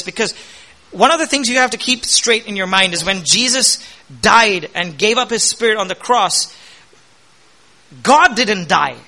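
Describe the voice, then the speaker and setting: A man's voice: high voice, pushed and bright. A man preaching a sermon as pastor, passionate and rising to emphatic peaks.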